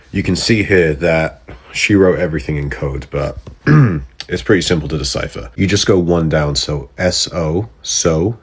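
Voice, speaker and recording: A man's voice: very deep voice, slightly rough. A man explaining something directly to his viewers in a casual way.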